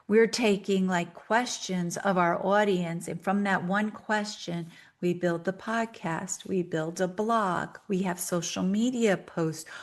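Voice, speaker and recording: A woman hosting a solo podcast, talking earnestly and directly to listeners with coaching advice, sometimes speeding up for quick acted asides. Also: on the low side. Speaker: podcast host.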